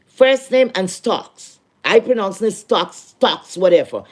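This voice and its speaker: A woman's voice: mid-range voice, expressive, slow. Woman, heated live-stream rant, profane, indignant, repeats herself.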